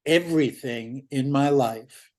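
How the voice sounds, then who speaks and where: A man in his seventies, a guest in an easygoing interview chat. He speaks at a mid pitch in a blunt, loose way and swears now and then. He grew up in New York. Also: slow, a little mellow. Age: 70s.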